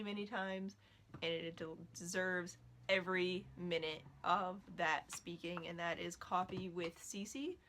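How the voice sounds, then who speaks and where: A woman's bright, forceful voice carries this casual home vlog, picked up by a laptop. She gushes in a chatty way and turns aside now and then to scold her dogs. A faint noise hangs behind her. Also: medium pitch. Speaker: knitting vlogger. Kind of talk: casual chat.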